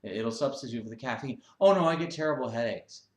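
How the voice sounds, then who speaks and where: A man's voice: medium pitch, animated, quick pace, darkish tone, close to an everyday voice. A man doing a patient gym owner. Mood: patient explaining. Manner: reasonable, explaining with many fillers. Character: patient male gym owner explaining rules. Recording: roomy echo.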